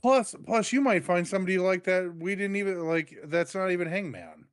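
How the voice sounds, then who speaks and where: A man co-hosting a wrestling review show, chiming in with short, relaxed remarks. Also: high voice, brisk, clean tone, no echo, studio quality. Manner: laid-back, mostly short agreeing interjections. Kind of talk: casual podcast chat.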